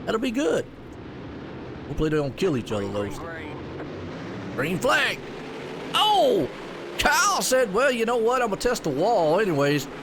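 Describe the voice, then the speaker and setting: A man calling a sim racing event, excitable and folksy, with loud bursts on big moves. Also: sits high, normal speed, pauses often, background noise. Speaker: race commentator. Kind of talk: sim racing play-by-play commentary.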